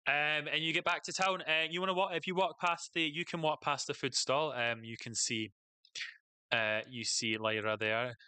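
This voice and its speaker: Bright-voiced man running a tabletop game. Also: on the high side, fairly even intonation, smooth, dry recording. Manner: halting, full of fillers and restarts. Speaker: game master.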